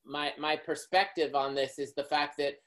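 A man's voice: fairly high pitch, flat delivery, moderate pace, a bit bright, low-quality recording. Man lecturing in long winding sentences. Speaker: workshop presenter. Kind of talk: lecturing a workshop.

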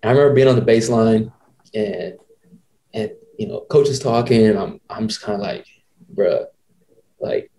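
A man in his twenties with a dark, mellow voice hosts a podcast and tells a long story in a casual way. He talks in an animated, slangy manner. He keeps quoting himself and others as he goes. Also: fairly low pitch, fairly quick, a little hiss or hum. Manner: animated, slangy, quotes people in his stories. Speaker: podcast host.

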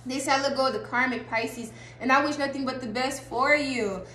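A woman's voice: high-pitched, fairly quick, bright, forceful tone. A woman giving a casual tarot reading straight to her viewers, chatty and loose, swearing and laughing freely. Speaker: tarot reader. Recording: echoey room with faint noise.

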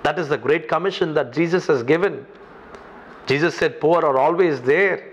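A man from India preaches in English with an Indian accent, hammering points home through repetition. His voice sits somewhat high for a man. The recording sounds muffled and lo-fi. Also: moderate pace. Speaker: pastor. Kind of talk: sermon.

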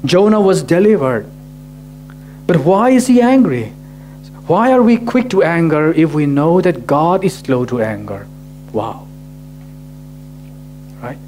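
Fairly high-voiced man preaching a sermon. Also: darkish tone. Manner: rhetorical questions, frequent "right?" tags. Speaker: pastor. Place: church gathering.

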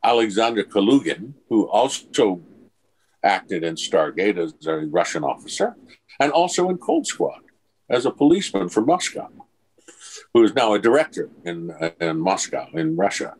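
With a fairly low voice at normal speed, an older man who acts shares anecdotes in an interview. The audio is poor, with slight background noise. He's a lively teller who acts out the dialogue and chuckles.

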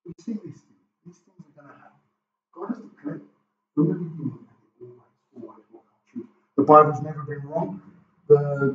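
A man's voice: fairly high pitch, brisk, fairly bright tone, slight background noise. A man preaching a sermon as pastor, impassioned and firing off rhetorical questions in a church hall. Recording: echoey, distant, dull room recording.

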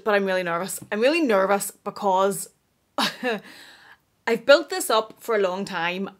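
A young woman vlogger chatting through an unboxing, excitable and giggly, tripping over her words. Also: mid-range voice. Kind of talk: unboxing vlog chat.

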